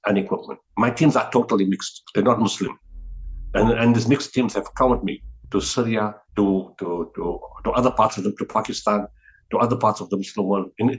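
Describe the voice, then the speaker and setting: A man with a somewhat low voice speaks as an interview guest. He talks earnestly and steadily, often restarting phrases and repeating words as he recounts a teaching. His delivery stays sincere throughout. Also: low-quality recording. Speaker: guest, humanitarian relief founder.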